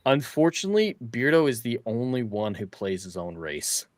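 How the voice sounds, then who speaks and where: A man's voice: medium pitch, very animated, moderate pace, a little mellow, dry recording. A man hosting a casual podcast chat, explaining things with easy laughs. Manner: chatty, explains with little laughs. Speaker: podcast host and audio drama producer.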